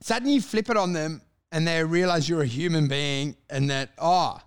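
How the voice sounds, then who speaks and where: A man, a stand-up comic co-hosting a casual podcast, telling animated, swearing stories and acting out the lines he says on stage. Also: fairly high pitch, moderate pace, clear, resonant tone. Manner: animated, swearing storyteller who acts out his stage lines. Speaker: stand-up comedian and podcast co-host.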